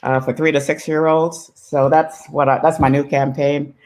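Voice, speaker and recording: A woman's voice: deep voice, level tone, moderate pace, a little mellow. Polite, hesitant woman guest. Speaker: author guest. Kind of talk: casual chat.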